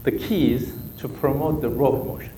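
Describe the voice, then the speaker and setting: A man speaks at normal speed in a steady, medium-pitched voice with a Korean accent. During this live coaching session he gives his golf student brief cues again and again through drills. Background noise and faint ambience fill the echoey room.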